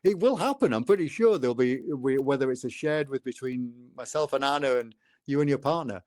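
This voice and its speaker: A man in his fifties, a guest telling personal stories in a relaxed conversation and acting out the dialogue. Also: a little fast, dry recording, clean studio sound. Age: 50s. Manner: animated storyteller, acts out dialogue with lively pitch jumps. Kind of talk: casual storytelling in a conversation.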